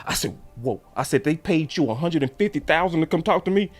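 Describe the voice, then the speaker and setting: A man telling a story in a casual, animated way and acting out the voices of the people he quotes. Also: a little high, a little fast, faint music behind. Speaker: sports show host.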